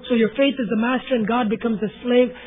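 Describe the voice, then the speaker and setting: High-voiced man preaching a sermon. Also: steady tone, fast talker. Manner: repeats key phrases, drops to a hush for emphasis. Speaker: pastor. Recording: tinny phone-like sound with faint hum.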